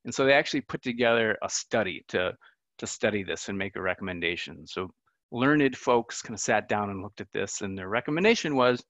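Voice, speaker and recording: A man's voice: on the low side, lively intonation, a little fast, fairly bright tone, dry recording. Chatty self-deprecating man, dull dry audio. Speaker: conference speaker. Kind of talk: casual online talk.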